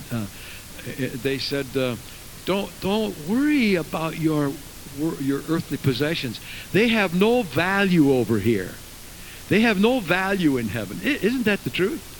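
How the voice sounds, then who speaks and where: A man's voice: on the high side, very animated, normal speed, a little hiss or hum, rough recording. A man preaching a fervent sermon to his congregation in a church, with many asides and restarts. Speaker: pastor. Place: church sanctuary.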